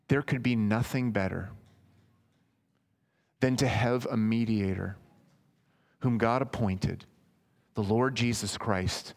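A man's voice: on the low side, slow pace, creaky, pauses often. A man preaching a sermon in an earnest, emphatic way, speaking directly to his listeners as friends.

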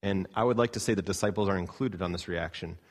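Low-voiced man preaching a sermon. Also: quick pace. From Canada. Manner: earnest preaching, rising to emphatic peaks and dropping low. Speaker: pastor.

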